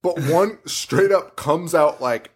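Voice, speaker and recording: A man's voice: on the high side, slow, breathy edge. A man co-hosting a podcast, in a casual movie-review chat, laughing and swearing freely as he retells scenes. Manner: laughing, profane, storytelling. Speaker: podcast co-host.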